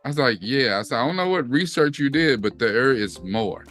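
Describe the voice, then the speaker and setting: A man's voice: mid-range voice, animated, brisk, fairly bright tone, soft background music. A middle-aged man, co-hosting a casual chat and acting out quotes as he tells a story. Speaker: co-host.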